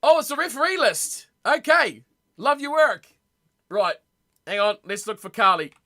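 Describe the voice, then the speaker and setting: A young man rambles and reacts aloud to his chat, excitable and chatty. His voice sits high and sounds bright and lively. He talks casually, like a live streamer at home. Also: moderate pace. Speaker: streamer hosting a rugby watch party. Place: home room.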